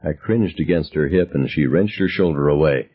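A man narrating an audiobook in a wry, reflective first-person way, with a husky voice. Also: extremely low pitch, normal speed, muffled recording.

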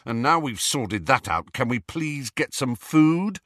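Grumpy young man, as a male narrator puts him on: snappish, sulky, lively pitch. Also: a little slow, dry recording, clean studio sound. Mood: irritable.

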